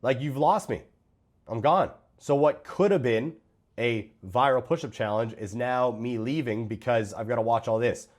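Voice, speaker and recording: A man's voice: mid-range voice, moderate pace. A man giving blunt, profane reaction commentary on other creators' fitness videos. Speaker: host reviewing fitness coaches' videos.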